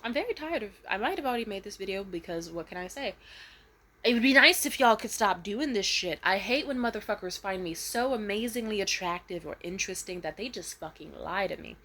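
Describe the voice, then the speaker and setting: A young woman vlogging a casual storytime rant, swearing freely and switching to high, loud voices when she quotes people. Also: a little fast. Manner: animated, profane, jumps into high voices when quoting.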